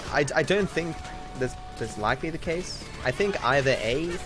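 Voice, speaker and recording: An Australian guy, young and streaming a game, chats loosely over the game music, rambling, offering frank opinions and frequently starting over. His voice sits on the high side, expressive, at a normal speed.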